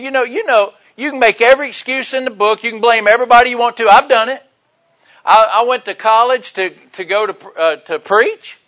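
Man, older, sermon, high voice, folksy, jokey asides. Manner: folksy, joking, swings from loud bursts to quiet asides. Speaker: pastor.

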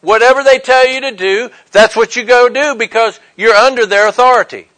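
Middle-aged male preacher, high and bright, sermon delivery, acts out quotes within his stories. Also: a little fast, poor audio. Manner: storytelling with acted-out quotes.

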